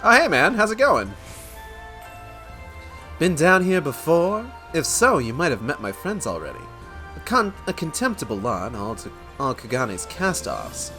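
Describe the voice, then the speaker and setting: A man voicing a charming, smooth-talking male rogue in a game, with a theatrical British-tinged drawl. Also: a little high, wildly swooping pitch, unhurried, sharp tone, soft background music, pitched above the performer's own voice, heavily acted. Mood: roguish.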